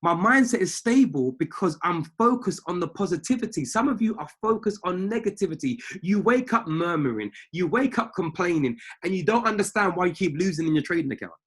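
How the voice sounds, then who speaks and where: A man's voice: high voice, animated, a little fast, few pauses, a bit bright, husky. A man coaching traders on a live call from a family home, preaching in an emphatic way and repeating his key phrases. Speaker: trading mindset coach.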